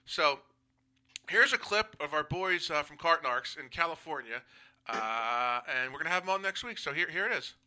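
A man's voice: fairly high pitch, animated, normal speed, sharp tone. A male podcast host in casual chat, blunt and ranting, swearing freely. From Philadelphia area. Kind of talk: casual talk show chat.

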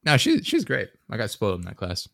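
A young man co-hosting a podcast, rambling casually and dropping deadpan jokes. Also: on the low side, a little fast, gravelly, very noisy. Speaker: podcast co-host. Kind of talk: casual chat.

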